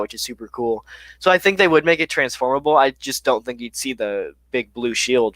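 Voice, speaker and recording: Young male streamer, middle pitch, dry close sound, chatty Q&A host. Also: no room sound. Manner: reads chat questions aloud, relaxed and chatty with many fillers. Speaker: live stream host answering viewer chat. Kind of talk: casual live-stream Q&A.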